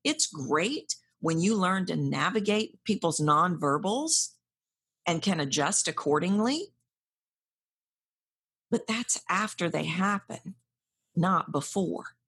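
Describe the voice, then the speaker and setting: Woman voice coach, husky and lowish, lively direct coaching talk. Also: slow, pauses often. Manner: animated, acts out clients' anxious inner voices.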